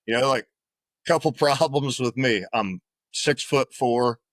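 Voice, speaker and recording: A man spins a loose, profane story in a casual interview, circling back with "right?" at the end of his thoughts. His voice sits at an everyday middle pitch. The sound is close and dry. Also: unhurried, a bit bright, no room sound. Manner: profane, rambling, tag questions like "right?". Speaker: podcast guest, former Marine.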